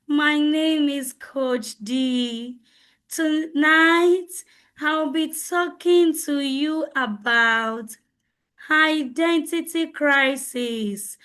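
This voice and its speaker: Bedtime-story lecturer voice, hushed, drawn-out, high, a woman playing it. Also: heavily acted. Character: soft-spoken slow woman lecturer, sleepy bedtime-story voice.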